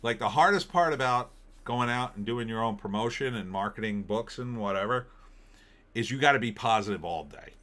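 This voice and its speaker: A man's voice: mid-range voice, normal speed, bright, forceful tone. Sarcastic ranting male commentary host. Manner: sarcastic, ranting, mocking asides in put-on voices. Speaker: host of an opinion show. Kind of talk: casual commentary reading headlines.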